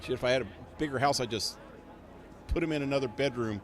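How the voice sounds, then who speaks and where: A man's voice: medium pitch, fast talker. A man livestreaming a video game, commenting casually, laughing often and swearing in passing. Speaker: gaming livestreamer. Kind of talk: live gameplay commentary. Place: small home.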